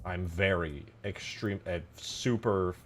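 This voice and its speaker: A man live-streaming casual chat, excitable and foul-mouthed, yelling thanks to his chat and then mumbling asides. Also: low-pitched, slow, soft background music. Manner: excitable, swears a lot, yells thanks to chat; swings between mumbling asides and loud outbursts. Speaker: livestreamer and game modder.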